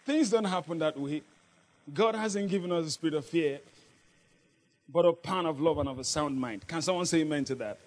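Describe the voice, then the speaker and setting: A man preaches a lively sermon, laughing often and calling on his congregation to answer back in call-and-response. His voice is on the high side, at normal speed, with frequent pauses.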